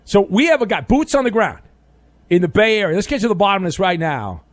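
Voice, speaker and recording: A man's voice: high-pitched, big pitch swings, fast talker, no echo. A man hosting a sports talk radio show, playful and teasing, with bursts of mock outrage, speaking into a studio microphone.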